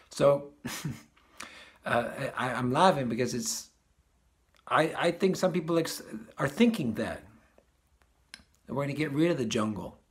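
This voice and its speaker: A man giving a casual spiritual talk as a teacher, often restarting phrases and chuckling at his own points. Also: mid-range voice.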